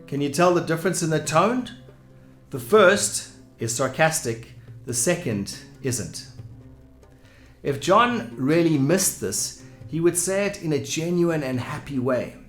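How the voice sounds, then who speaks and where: Male English teacher, clear explanations, echoey room, faint music behind. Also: on the high side, lively intonation, unhurried, a bit bright. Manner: clear, explanatory, with example sentences.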